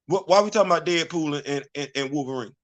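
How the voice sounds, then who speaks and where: A man's voice: fairly high pitch, fast talker. Emphatic, preachy male vlogger. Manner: emphatic, repetitive, preachy rhetorical questions. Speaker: vlog host. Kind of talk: casual opinion commentary.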